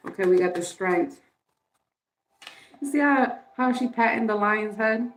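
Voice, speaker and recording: A woman's voice: mid-range voice, a little slow, pauses often, echoey room, soft background music, poor audio. A woman giving a casual tarot card reading, chatty and candid, swearing and laughing often. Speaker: tarot reader.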